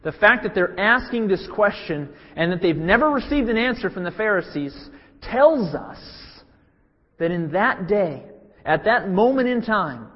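Repetitive, emphatic preacher man in a hall. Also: high voice. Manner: repeats key phrases for emphasis, questions listeners directly. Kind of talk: sermon. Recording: dull lo-fi with long hall reverb.

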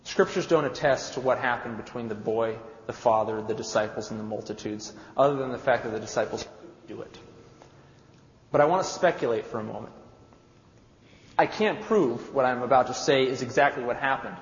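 A man's voice: mid-range voice, brisk, slight background noise. Dramatic man preaching in an echoey hall. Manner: dramatic storytelling, vivid scene-setting. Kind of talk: sermon. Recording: echoey hall, dull sound.

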